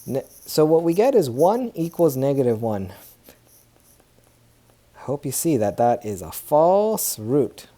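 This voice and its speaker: A man's voice: mid-range voice, sing-song, measured pace, long pauses, mellow. A man teaching a math lesson over a tablet screen recording, chatting as he works, correcting himself and cheering when things go right. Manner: chatty, self-correcting, upbeat exclamations.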